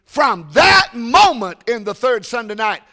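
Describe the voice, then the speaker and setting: An older man preaching a sermon, telling stories and often breaking into shouts. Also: extremely high pitch, big pitch swings, unhurried. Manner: folksy, shouting and storytelling.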